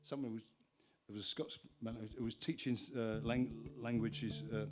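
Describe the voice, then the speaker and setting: A man's voice: medium pitch, steady tone, normal speed, darkish tone, faint music behind. A man on stage at a live gig, talking between songs in a chatty, meandering way that keeps restarting its own sentences. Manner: chatty, meandering, self-interrupting. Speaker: folk singer-songwriter performing live. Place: live music venue on stage. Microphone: stage vocal mic with monitor.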